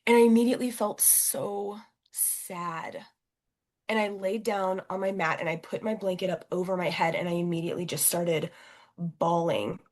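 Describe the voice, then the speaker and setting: A young adult woman, a podcast guest and coach, telling a personal story in an animated, expressive way. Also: on the low side, normal speed. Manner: animated and expressive, acting out quoted voices.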